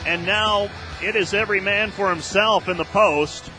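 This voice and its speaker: A man calling a college basketball game on radio, rattling off play-by-play and getting loud on big plays, openly exasperated with the officiating. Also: sits high, moderate pace, music in the background.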